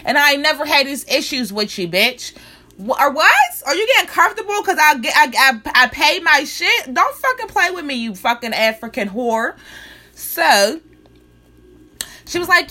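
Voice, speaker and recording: A woman's voice: a little high, lively intonation, normal speed, sharp tone. A young woman telling a story as a heated, profanity-filled, confrontational rant to the camera. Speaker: law student.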